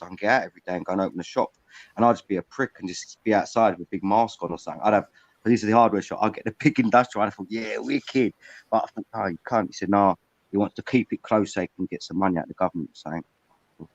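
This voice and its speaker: A man's voice: deep voice, quick pace, no room sound, dull audio. A man chatting on a livestream panel, blunt and swearing freely as he talks in bursts. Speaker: panel guest. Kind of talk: casual livestream chat. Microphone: video call.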